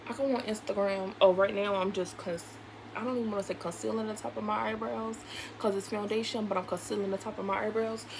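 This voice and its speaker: A woman vlogger chatting through a storytime while she does her makeup, animated and candid, acting out the people in her story and swearing casually. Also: mid-range voice, fast, vocal fry, noisy background. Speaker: beauty vlogger.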